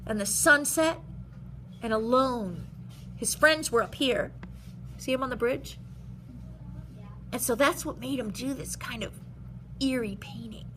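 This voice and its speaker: A woman art teacher leading a step-by-step drawing lesson for young children, animated and expressive, explaining in simple words. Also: high-pitched, a little hiss or hum.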